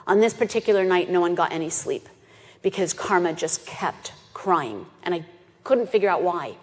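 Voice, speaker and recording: A woman, founder of an animal sanctuary, giving an animated storytelling presentation and acting out the voices of people in her story. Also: on the low side, moderate pace. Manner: animated, acts out quoted voices. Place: festival stage in a hall. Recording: reverberant lecture hall.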